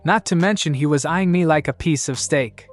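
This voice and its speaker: A man voicing a fiery teen ninja girl, sharp, a bit higher pitched, storybook reading, faint music. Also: moderate pace, natural voice. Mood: angry.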